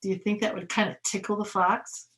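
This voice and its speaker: A young woman reading a picture book aloud to children, animated, with gasps, laughs and questions to her listeners. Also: mid-range voice, a little fast. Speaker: museum educator reading to children. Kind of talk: storytime read-aloud.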